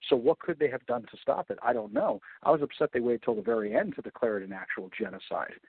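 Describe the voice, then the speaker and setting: A man's voice: medium pitch, very animated, fast talker, creaky, breathy edge, no echo. A man giving passionate, indignant political commentary as a guest on a talk radio show. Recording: tinny phone-like line.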